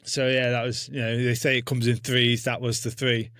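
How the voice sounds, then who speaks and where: A man, an army veteran being interviewed, telling a war story bluntly with constant swearing and dark humour. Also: medium pitch, little pitch movement, normal speed, dry recording. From England.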